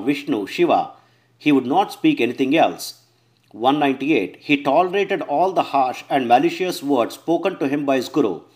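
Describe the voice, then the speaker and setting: A man with a somewhat high voice reads a devotional scripture translation verse by verse. He calls out each verse number and keeps a measured, even delivery, now and then fixing a slipped word. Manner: measured, announces verse numbers, occasional self-corrections.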